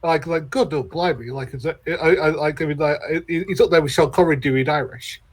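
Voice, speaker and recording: A man's voice: on the high side, a little fast, husky. A man co-hosting a casual movie-ranking chat, stammering through blunt opinions. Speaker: podcast co-host.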